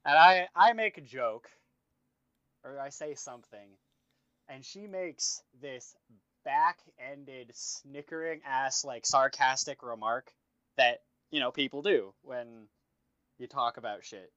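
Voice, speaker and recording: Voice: mid-range voice, takes it slowly, a bit bright, no echo. Casual storyteller, swears freely and rambles; dull, dry lo-fi mic. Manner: rambling, profane storytelling full of "like". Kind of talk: casual chat.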